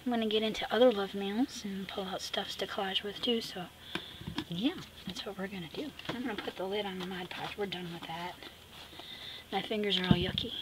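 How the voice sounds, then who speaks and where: A woman's voice: medium pitch, brisk. Sassy woman chatting while she crafts. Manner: chatty, drifting into soft whispers; sassy, talks to herself while working. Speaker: art vlogger. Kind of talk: casual chat while crafting. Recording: steady background noise with clicks.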